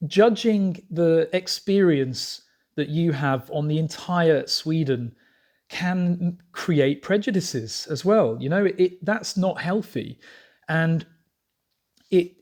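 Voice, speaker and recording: A man's voice: on the high side, slow, darkish tone. A man talking casually to camera as a vlogger, rambling with frequent fillers and restarts.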